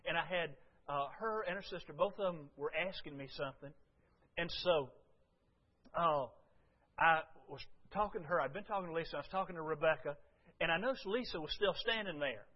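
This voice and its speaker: A man's voice: on the high side, brisk. Folksy preacher man, muffled recording. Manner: folksy storytelling preacher, shifting from loud to hushed. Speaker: pastor. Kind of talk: sermon.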